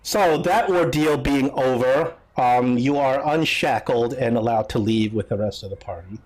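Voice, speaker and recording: Halting, husky-voiced man narrating. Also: medium pitch, darkish tone, poor audio. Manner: halting, many fillers and restarts. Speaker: game master. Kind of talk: narrating a tabletop game.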